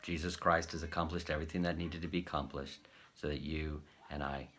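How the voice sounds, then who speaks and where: A man's voice: extremely low pitch, fairly quick. A man hosting his channel, casually telling a story to camera and acting out the dialogue. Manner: animated retelling, acts out quoted dialogue. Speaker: host.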